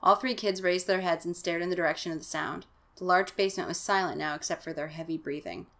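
A woman's voice: fairly low pitch, fairly even intonation, quick pace, fairly bright tone. A woman hosting a comedic reading of a kids' horror book, mixing narration with sarcastic asides.

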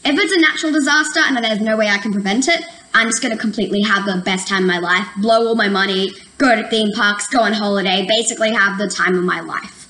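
A woman's voice: mid-range voice, quick pace, few pauses, bright, forceful tone, reverberant, poor audio. A young woman vlogging in a casual, chatty way, often filling with "like". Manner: chatty, lots of "like" fillers. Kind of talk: casual chat.

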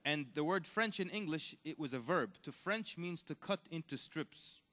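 A man giving a conversational, animated lecture at a convention, asking the audience questions as he goes. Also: a little high, normal speed. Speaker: Islamic lecturer. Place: large convention hall. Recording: echoey hall.

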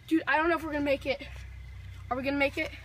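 Very high-voiced woman in a panicky skit. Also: little pitch movement, rapid-fire. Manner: panicky, shouts and whispers by turns. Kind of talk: amateur horror skit acting. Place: backyard outdoors at night. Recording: noisy outdoor home recording.

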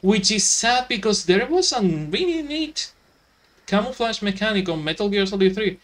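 A man's voice: sits high, expressive, normal speed, fairly bright tone. A man commenting on a game while playing, ranting sarcastically with lots of swearing. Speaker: let's play commentator. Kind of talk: gameplay commentary.

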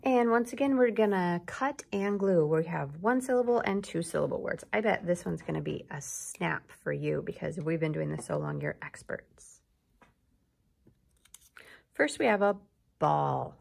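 A woman teacher giving a slow, encouraging recorded lesson to young children, prompting them to repeat words. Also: on the low side, sing-song, vocal fry.

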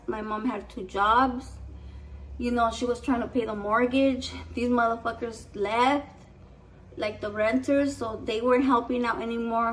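Young woman ranting, swears a lot, highish voice, kinda far from the mic. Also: slight background noise. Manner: profane, rambling, switches into Spanish. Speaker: vlogger. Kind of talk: casual storytelling.

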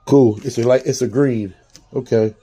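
A man casually reading out trading cards as he opens packs, talking to his viewers in a relaxed, slangy way. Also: mid-range voice, normal speed, slight background noise. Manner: reads out card names, casual slangy asides to viewers. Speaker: card-opening vlogger. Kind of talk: casual pack-opening commentary.

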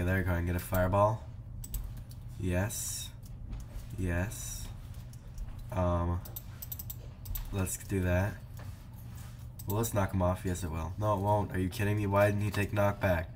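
Low-voiced young man doing playful game commentary. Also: darkish tone, slight background noise. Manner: playful, teasing, talks to viewers while playing. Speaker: gaming YouTuber. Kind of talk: casual gameplay commentary.

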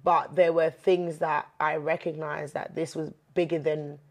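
A woman guest in a candid interview, speaking earnestly of faith and healing, turning lively and laughing when she jokes. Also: low-pitched, unhurried. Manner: earnest, animated when joking, many fillers. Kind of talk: candid faith-based chat.

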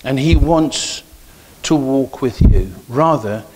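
A middle-aged male pastor preaching in church at an ordinary pitch for a man. He moves from easy anecdotes into firmer, emphatic points, pressing his key lines home. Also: lively intonation, slow, darkish tone. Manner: storytelling, grows emphatic and preachy. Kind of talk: sermon with personal stories.

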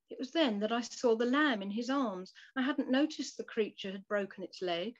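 A woman reading a devotional story and prayer aloud in a soft, measured, reflective way. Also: on the high side. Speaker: devotional reader. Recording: dull lo-fi recording.

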